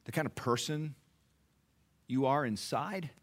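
A man preaching a sermon as pastor, animated, with rhetorical questions, swinging between loud emphasis and hushed asides. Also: medium pitch, unhurried.

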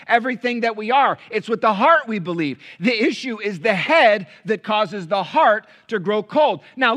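High bright-voiced pastor preaching animatedly. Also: male voice. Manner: animated preaching, swings from loud to hushed. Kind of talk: sermon. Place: church.

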